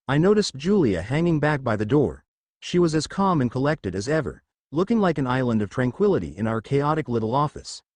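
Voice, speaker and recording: A man narrating a fan fiction story with expressive storytelling. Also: mid-range voice, dry recording.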